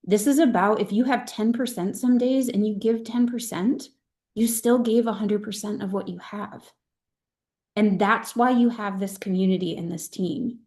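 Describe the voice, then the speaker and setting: A woman's voice: medium pitch, moderate pace, darkish tone. A middle-aged woman leading her sales team on a video call, speaking in an earnest, emphatic and heartfelt way. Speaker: direct-sales team leader.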